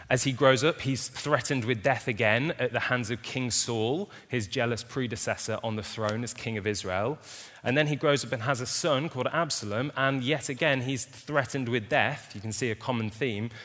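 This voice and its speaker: A male preacher delivers a sermon in a relaxed, conversational way, slipping into lighthearted storytelling. His mid-pitched voice carries with a long reverb trailing off the walls of a church hall. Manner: casual, conversational storytelling with humor.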